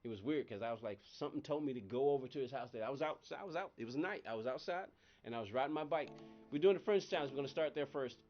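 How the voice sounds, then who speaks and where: A man's voice: medium pitch, quick pace, dull audio, soft background music. A man chatting casually on a live game stream, rambling between stories and laughing often. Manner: chatty, laughs often, voice jumps up when excited. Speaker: gaming livestream host.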